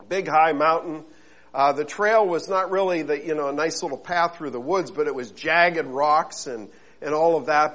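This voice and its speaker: A male pastor preaching to his congregation in an earnest, conversational way, often pausing with fillers and restarting his phrases. His voice sits fairly high and sounds bright and forward. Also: rough recording. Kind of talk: sermon with opening prayer.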